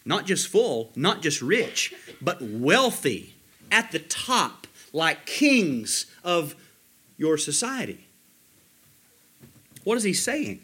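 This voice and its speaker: A man preaching a sermon as pastor, slowing down to stress key words and quoting commentators. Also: a little high, big pitch swings, sharp tone, husky. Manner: emphatic, slows down to stress words, quotes commentators.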